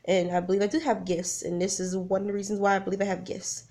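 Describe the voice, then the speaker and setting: A woman's voice: mid-range voice, flat delivery, fast talker. A woman telling a personal story in a casual vlog, rambling, nervous and emotional, often breaking off mid-sentence. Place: at home with a song playing. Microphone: camera mic. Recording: music playing loudly in background.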